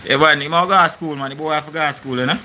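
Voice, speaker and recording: A man's voice: on the high side, steady tone, fast talker. A man with a Jamaican accent joking around in casual patois chatter. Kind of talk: casual chat. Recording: echoey noisy room.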